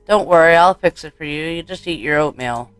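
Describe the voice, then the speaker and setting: A man's voice: on the high side, a little fast, a bit bright, smooth, no room sound, soft background music, lightly acted. A man voicing a smothering, sugary mother figure. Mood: doting. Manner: sugary, smothering pet names. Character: doting, unsettling adult woman, motherly, obsessive.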